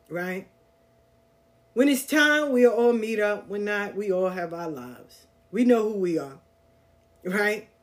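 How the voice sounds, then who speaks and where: An older woman hosting a podcast, telling a story casually and acting out other people's voices in street slang. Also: medium pitch. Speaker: podcast host.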